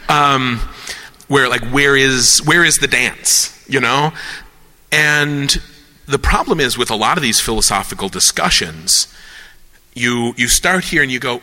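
Animated rambling man, very bright voice. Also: mid-range voice, moderate pace. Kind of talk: casual philosophical chat. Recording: long hall reverb.

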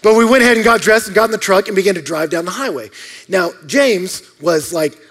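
Male pastor, high voice, lively storytelling sermon, loud-to-soft swings. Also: brisk.

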